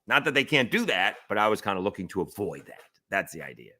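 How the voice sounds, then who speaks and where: Deep-voiced man doing sports talk. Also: very animated, fast talker, pushed and bright, dry recording, clean studio sound. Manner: thinking aloud, checking stats mid-sentence, many fillers and restarts; opinionated, rhetorical questions. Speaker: sports radio host. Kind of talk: solo sports talk commentary.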